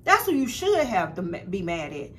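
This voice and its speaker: A woman's voice: mid-range voice, wildly swooping pitch, moderate pace, a little hiss or hum. A young woman telling a personal story to her viewers in a blunt, profane, casual way, often calling them y'all. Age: young adult. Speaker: spiritual vlogger.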